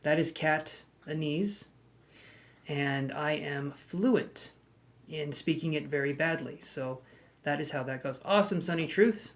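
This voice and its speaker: A man's voice: fairly high pitch, a little slow. A man hosting a live tarot stream in casual chat, greeting viewers by name, handing out queue numbers and cracking jokes.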